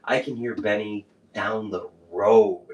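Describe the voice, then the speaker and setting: A man co-hosting a podcast in casual chat, rambling and animated, often laughing as he tells stories. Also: lowish voice, slow, a little hiss or hum. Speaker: podcast co-host. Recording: echoey room, distant mic.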